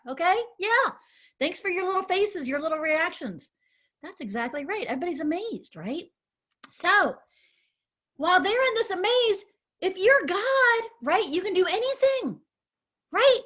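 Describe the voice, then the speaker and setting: A woman leading a children's Bible lesson, animated and encouraging, calling on the children by name. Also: very high voice, normal speed. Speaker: children's ministry teacher.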